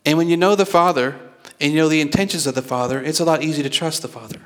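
A man's voice: a little high, quick pace. A male pastor preaching a sermon in a conversational way, repeating words as he goes and drawing the congregation in with questions. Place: church.

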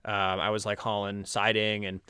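A man chatting as a podcast guest, telling stories with animated quoted voices. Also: normal speed, clear, resonant tone, no room sound, studio quality. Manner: animated storyteller, acts out quotes in a high voice. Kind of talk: casual conversation.

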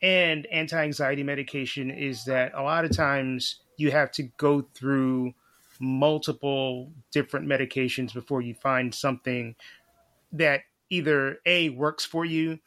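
A man's voice: mid-range voice, fairly even intonation, unhurried, sharp tone, no echo. A man hosting a casual chat, mostly giving short reactions and now and then explaining something.

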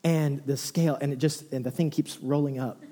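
Animated male preacher in a reverberant hall. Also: fairly quick. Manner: animated storyteller, swings from low and hushed to excited near-shouts. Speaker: pastor. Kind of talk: sermon.

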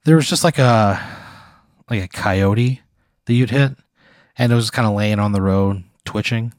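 A man telling an improvised comic story in the second person, in a deadpan, rambling way. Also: lowish voice, measured pace, no echo, clean studio sound.

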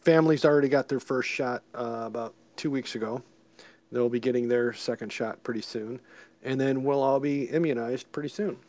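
A man's voice: medium pitch, fairly even intonation, moderate pace, a little mellow. A man co-hosting a casual chat podcast, joking and rambling between topics. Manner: jokey, rambling. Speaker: podcast co-host.

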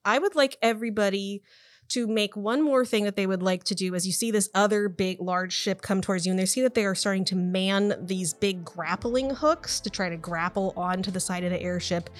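A woman narrating as game master of a tabletop game, lively and quick to laugh. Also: mid-range voice. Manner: lively, laughs often, voices characters.

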